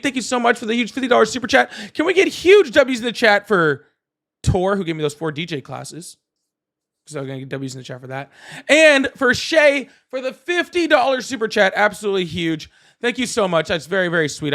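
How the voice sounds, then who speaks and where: A man hosting a live call-in political stream, animated, laughing often and thanking viewers. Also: high voice, fairly quick. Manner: apologetic, excitable. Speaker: livestream host.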